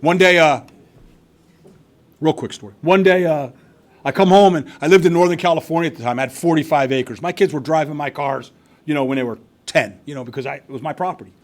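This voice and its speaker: A man's voice: fairly high pitch, a little fast. A man in his sixties telling his recovery story to a meeting, candid and wry, with restarts. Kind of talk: personal testimony to a live meeting. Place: meeting hall.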